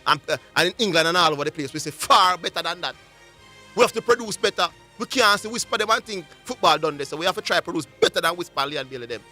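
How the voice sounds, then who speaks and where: Fast, bright-voiced Jamaican man. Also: high-pitched, faint music behind. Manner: animated and argumentative, stumbles and repeats words. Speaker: sports radio host. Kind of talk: heated sports talk radio debate.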